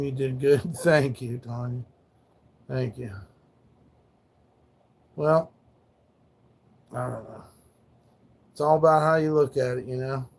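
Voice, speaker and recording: A man with a creaky, slightly mellow mid-range voice rambles and swears on a casual livestream, grieving his late dog and now and then thanking his chat.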